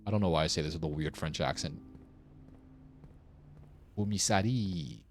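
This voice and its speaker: A man's voice: very deep voice, racing, slight background noise. A young man streaming a puzzle game, thinking aloud as he works through its clues. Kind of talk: casual gameplay commentary.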